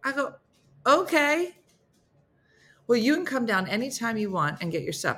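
A woman's voice: on the high side, sing-song, moderate pace, pauses often, bright, forceful tone. A woman hosting a morning show, telling a story in casual chat and acting out both sides of phone calls with big jumps in her voice.

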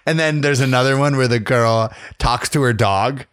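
A man's voice: mid-range voice, moderate pace, fairly bright tone, slight background noise. A young man in casual chat, telling funny stories with lots of laughter and swearing. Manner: laughing, rambling storytelling with profanity.

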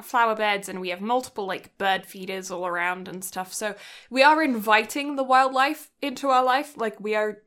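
A woman's voice: mid-range voice, bright, forceful tone. A young woman co-hosting a podcast in casual chat, rambling with lots of fillers and giggles. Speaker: podcast co-host.

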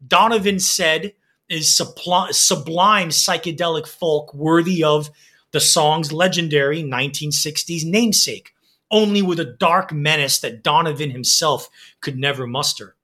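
A man's voice: a little high, a little slow, sharp tone. A man co-hosting a music podcast, reading album reviews in a casual, enthusiastic way with frequent laughs.

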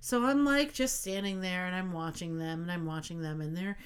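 A woman's voice: fairly low pitch, steady tone, normal speed, clear, resonant tone. A woman in her thirties, a podcast co-host chatting casually, telling a long story with plenty of swearing and acting out what she said.

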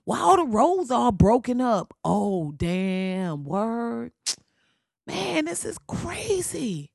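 A man's voice: extremely high pitch, big pitch swings, extremely slow, gravelly, darkish tone, no echo, clean studio sound, full character voice. A man putting on the voice of a bewildered former president, firing off incredulous questions and coughing. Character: bewildered ex-president man, returning to a ruined world.

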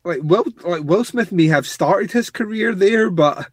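A man's voice: high voice, animated, unhurried, no room sound. Blunt, teasing man, dry sound. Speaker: podcast co-host. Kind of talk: casual chat about movies.

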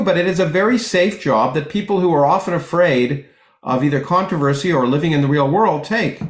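A middle-aged man, a physicist guest in an interview, talking in long rambling stretches full of restarts and lively anecdotes. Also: fairly high pitch, a little fast, echoey room. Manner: rambling with many restarts, animated when telling jokes. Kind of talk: conversational interview, anecdotal storytelling.

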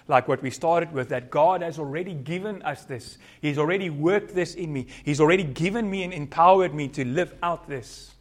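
Earnest South African preacher man. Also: a little high. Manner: earnest preaching, code-switching, varied loudness. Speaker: pastor. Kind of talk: sermon.

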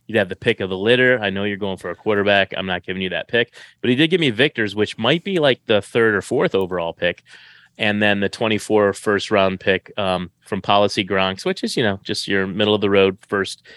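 A man's voice: on the low side, fairly quick, fairly bright tone, no room sound. A man co-hosting a fantasy football show, chatting casually and correcting himself as he rambles. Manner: rambling, self-correcting, upbeat. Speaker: fantasy football podcast co-host. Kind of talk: casual chat.

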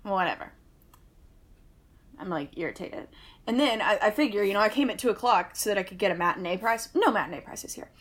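A woman's voice: medium pitch, expressive, brisk, fairly bright tone. A woman, co-hosting a podcast and telling a long, wry, exasperated story in casual chat. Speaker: podcast co-host.

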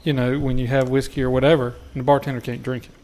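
A man's voice: mid-range voice, level tone, quick pace, darkish tone. A man making laid-back, joking remarks in a casual drinking chat with friends. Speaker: podcast co-host.

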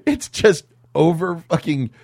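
A man co-hosting a podcast, chatting casually about movies, animated and swearing freely. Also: a little high, a little slow, creaky, husky, dry recording, studio quality. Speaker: podcast co-host.

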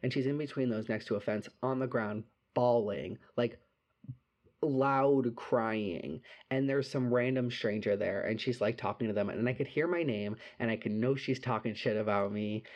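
A young man telling a drunken night-out story in casual chat, animated and full of "like" and swearing. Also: medium pitch, normal speed, highs cut off.

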